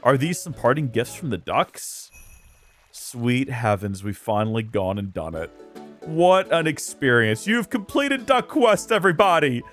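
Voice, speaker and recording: Very animated yet a little slow, a let's play host comments on the video game he's playing. His voice sits fairly high and swings widely in pitch as he jokes in exasperation and rambles, with faint game music beneath.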